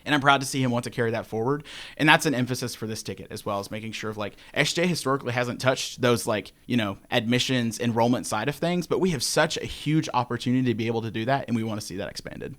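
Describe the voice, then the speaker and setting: A man's voice: mid-range voice, quick pace, fairly bright tone. A young man running for student government, giving a fluent debate answer with filler words. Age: young adult.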